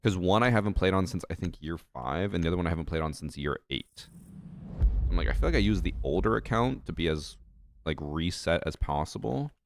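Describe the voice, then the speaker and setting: A young man chatting casually while live-streaming a game, relaxed and rambling with lots of "like" fillers. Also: deep voice, a little fast, gravelly. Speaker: gaming streamer. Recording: steady clicking noise in background.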